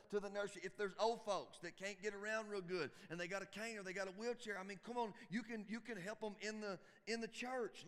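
A man's voice: high voice, bright, forceful tone. A man preaching to church volunteers in a folksy, emphatic way, often repeating his phrases. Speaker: pastor. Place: church sanctuary. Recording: long reverb of a church hall.

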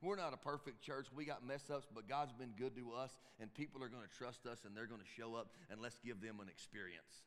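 A man's voice: mid-range voice, brisk, few pauses, fairly bright tone. A man preaching to church volunteers in a folksy, emphatic way, often repeating his phrases. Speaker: pastor. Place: church sanctuary. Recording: long reverb of a church hall.

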